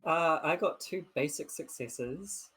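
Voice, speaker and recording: A woman's voice: deep voice, lively intonation, slow pace, breathy edge, poor audio. A woman playing a tabletop game, thoughtful as she talks about her rolls. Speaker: player. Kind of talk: tabletop game play, casual chat.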